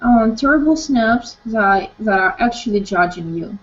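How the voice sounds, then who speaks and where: A woman's voice: fairly high pitch, animated, measured pace. A woman from Ukraine, teaching an online English conversation class and leading it with short questions. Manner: leads discussion with short prompts and questions. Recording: dull lo-fi call audio.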